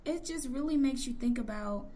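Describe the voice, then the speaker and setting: A woman's voice: high voice, normal speed, mellow. Giggly, rambling woman podcast host. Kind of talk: casual interview chat.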